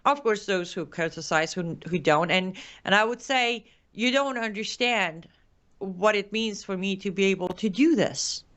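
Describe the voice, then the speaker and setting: A woman's voice: medium pitch, fairly bright tone. A woman from Iran with an Iranian accent, hosting a live commentary show and reading viewer comments with passion and emotion. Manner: impassioned, emotional, rapid restarts. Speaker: show host.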